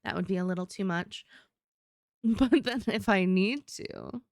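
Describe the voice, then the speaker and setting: A woman's voice: mid-range voice, slow, creaky, darkish tone, no echo, studio quality. A woman streaming live and chatting casually, laughing often and swearing now and then.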